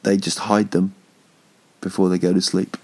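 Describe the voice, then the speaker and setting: A man's voice: sits low, level tone, moderate pace, a little mellow, slightly rough. A man in his thirties hosting a podcast from home, rambling through jokes with lots of ums and restarts. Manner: rambling, jokey, swearing, many ums and restarts. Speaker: podcast host. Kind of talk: casual comedic monologue.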